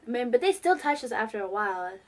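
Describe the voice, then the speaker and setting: A young woman telling an excited, rambling story to camera, filled with "like". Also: fairly high pitch, quick pace. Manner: excitable, heavy use of "like". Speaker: fan vlogger. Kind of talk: casual storytelling.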